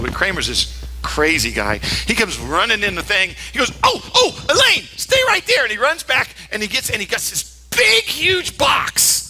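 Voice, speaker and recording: An older man delivers a sermon with animated storytelling. His voice is high and very bright, and he jumps into character voices as he tells the story. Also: rough recording. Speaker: pastor.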